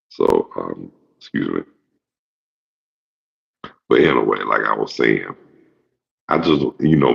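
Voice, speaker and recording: Gravelly, very deep man in his fifties. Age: 50s. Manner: rambling, profane, jokey storytelling. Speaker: show host. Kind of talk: casual monologue. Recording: dull lo-fi recording.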